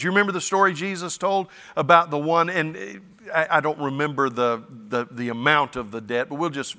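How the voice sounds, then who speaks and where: A man's voice: on the high side, pushed and bright, in a large hall. A man preaching a sermon as pastor, earnest and conversational.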